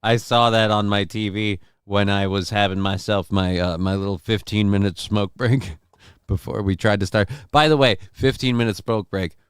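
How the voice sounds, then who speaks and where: A man with a lowish, smooth, resonant voice hosts a casual livestream, chatting with viewers and reading out their comments. He rambles and swears freely, often poking fun at himself. The sound is dry and close. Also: steady tone, normal speed, no echo. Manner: rambling, profane, self-deprecating. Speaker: livestream show host. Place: home.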